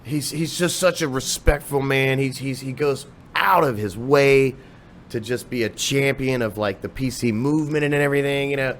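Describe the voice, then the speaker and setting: A man telling stories as a guest on a casual podcast, animated and freely swearing. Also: mid-range voice, normal speed, slight background noise. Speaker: podcast guest, musician and singer.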